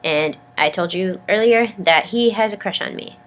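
A woman's voice: mid-range voice, normal speed. A young woman vlogging casually with a sick, congested voice, rambling and stammering, poking fun at herself. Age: young adult. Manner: rambling, self-deprecating, stammers. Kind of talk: casual vlog chat.

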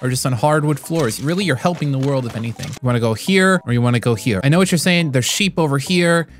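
A man giving comedic gameplay commentary as a YouTuber, goofing around and yelling playful threats at other players. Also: mid-range voice, fast talker, faint music behind. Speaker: gaming YouTuber.

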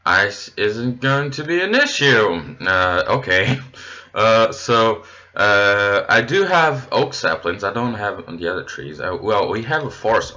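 A man with a low yet bright, edgy voice, talking slowly through casual gameplay commentary. He rambles and gets excited easily, addressing his viewers directly. The recording sounds dull and lo-fi. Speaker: gaming channel host.

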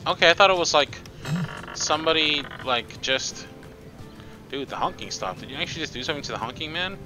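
A man's voice: a little high, animated, a little fast, rough recording. Goofy young man streaming a game. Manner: goofy, playful, chatty with honks and silly riffs. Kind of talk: live game commentary. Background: game music.

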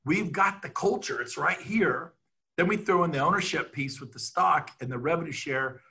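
A middle-aged man giving an excitable, rambling sales pitch over a video call, laughing at himself as he goes. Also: moderate pace, husky. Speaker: real estate team leader.

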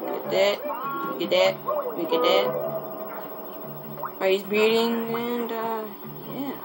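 A young man talks his way through a video game in a loose, chatty ramble, repeating himself and muttering mild curses. Game music plays clearly underneath his voice. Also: high-pitched, fairly even intonation, poor audio. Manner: chatty, rambling, restarts often, quick mild cursing. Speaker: let's play gamer. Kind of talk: casual gameplay commentary.

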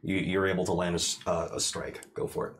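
A man narrating a tabletop game as dungeon master, describing the action in a halting way with many pauses. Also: deep voice, fairly even intonation, heavy background noise. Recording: roomy echoey room.

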